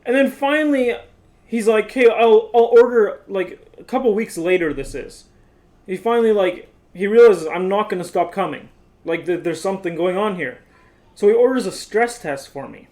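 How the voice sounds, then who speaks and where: Young man, high voice, animated exasperated storyteller, casual vlog chat. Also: normal speed. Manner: animated, exasperated retelling with many "like"s. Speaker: vlogger telling his story.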